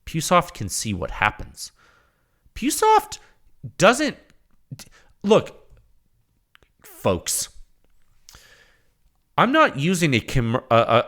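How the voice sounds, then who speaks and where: A male podcast host in a loose solo monologue. His pitch leaps around constantly, rising high for acted-out reactions and dropping low for asides. He talks in an excitable, rambling way.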